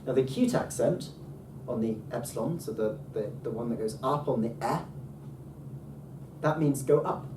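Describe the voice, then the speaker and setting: A man teaching a casual language lesson with enthusiasm, often pausing on ums and restarting his sentences. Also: mid-range voice. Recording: roomy, distant mic, faint background noise.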